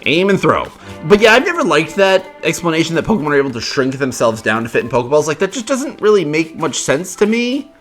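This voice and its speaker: A man's voice: on the high side, very animated, fairly quick, fairly bright tone, soft background music. A man hosting a video game let's play, chatting casually and rambling with fillers as he plays. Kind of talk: casual gameplay commentary.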